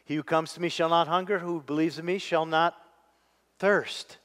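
A man's voice: fairly high pitch, steady tone, normal speed, fairly bright tone. A man, preaching a sermon to his congregation and putting questions to them. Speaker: pastor. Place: church sanctuary. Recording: long reverb of a large hall.

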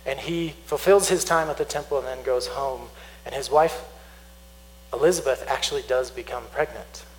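A pastor preaches a sermon in a mid-range voice, teaching earnestly, slowing to stress key points, and reading scripture aloud. The recording is rough.

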